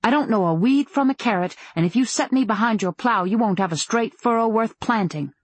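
A prickly, proud young woman from an audiobook, voiced by a woman reader with sharp, sarcastic defiance. The husky delivery sounds dry and close to the mic. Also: fairly high pitch, fairly quick, no echo, pitched above the performer's own voice. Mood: defiant.

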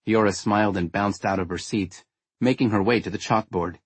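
A man narrating a first-person story in a wry, understated way, with a husky tone. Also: on the low side, fairly even intonation, normal speed, dry recording. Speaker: audiobook narrator.

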